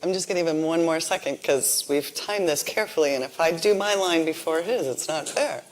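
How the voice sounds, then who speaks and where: A woman's voice: low voice, brisk, a little hiss or hum. A woman presenting at a conference, giving an upbeat, scripted announcement.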